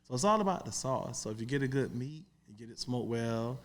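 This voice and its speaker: Man, pitmaster type, relaxed conversational podcast delivery, mid pitch. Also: brisk. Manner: easygoing, trailing off with "you know". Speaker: pitmaster and restaurant owner.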